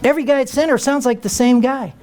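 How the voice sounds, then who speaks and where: A man's voice: extremely high pitch, fairly even intonation, fast talker, darkish tone. An older American man, a retired military pilot, telling a humorous story to an audience in a wry, comic way. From United States. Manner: wry, comic, acts out quoted voices.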